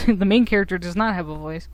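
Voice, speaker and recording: A woman's voice: fairly low pitch, brisk. A young woman streaming a game, chatting casually in a giggly, self-mocking, rambling way. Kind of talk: casual live-stream chat.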